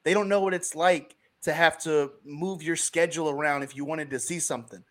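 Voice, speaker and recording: A young adult man hosting a casual sports podcast over a video call, riffing in an animated way. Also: a little high. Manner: animated, riffing, quick asides. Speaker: podcast host.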